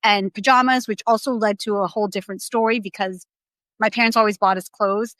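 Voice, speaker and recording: A woman's voice: medium pitch, fairly even intonation, a little fast, a bit bright, no room sound. A young adult woman as a podcast guest, telling her story candidly in a rambling, casual way with many restarts.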